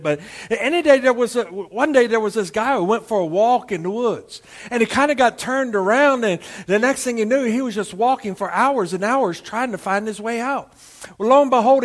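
A man preaching a sermon as pastor, telling a folksy joke and then reading scripture with drawn-out emphatic phrasing. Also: high voice. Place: church service streamed to homes.

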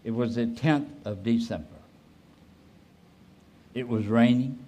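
A man in his eighties, a pastor telling a personal story in a sermon, rising suddenly and trailing off softly. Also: mid-range voice, a little hiss or hum. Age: 80s. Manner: slow, with sudden rises and soft trailing endings.

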